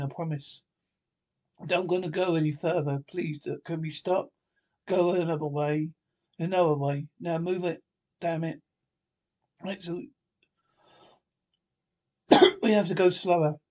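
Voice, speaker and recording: A man's voice: a little high, a little mellow. A man reading a film script aloud by himself, voicing every character with urgent, clipped lines. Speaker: script reader.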